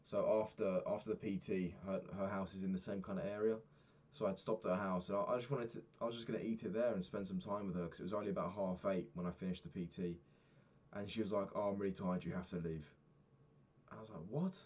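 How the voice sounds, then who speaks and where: A young man, a personal trainer, candidly recapping his week and swearing freely, getting animated when retelling annoyances. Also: deep voice, quick pace, slightly rough. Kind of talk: casual vlog recap.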